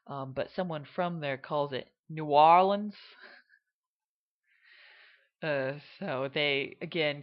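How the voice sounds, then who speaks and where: Woman, low voice, slow and hesitant, casual explainer, dull lo-fi sound. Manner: hesitant, many fillers, demonstrates accents. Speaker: teacher explaining regional accents. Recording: dull lo-fi recording.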